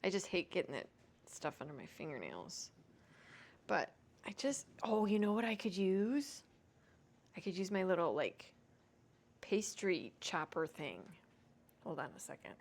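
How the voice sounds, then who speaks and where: A woman's voice: lowish voice, sing-song, moderate pace, vocal fry, pauses often, a little hiss or hum. A woman hosting a home cooking vlog, chatting casually and self-deprecatingly to viewers as she cooks. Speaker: home cooking show host.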